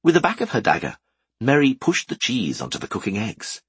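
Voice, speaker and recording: A male narrator reads a fantasy story with a husky, breathy voice that swings widely in pitch. His tone is slightly low, and the recording is dry and close. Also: huge pitch swings, fairly quick, a bit bright, no room sound. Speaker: audiobook narrator.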